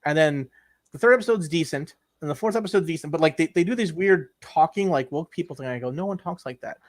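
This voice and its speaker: A young man co-hosts a podcast, his voice fairly high and his delivery fast. He chats casually and rambles, cracking crude jokes and repeating words a lot.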